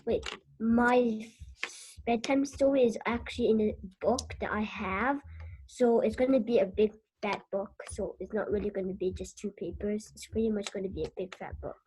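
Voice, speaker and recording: A woman's voice: mid-range voice, fairly even intonation, moderate pace, warm tone, slightly rough. A woman student on a video call, explaining her situation and repeating herself. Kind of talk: question in an online class.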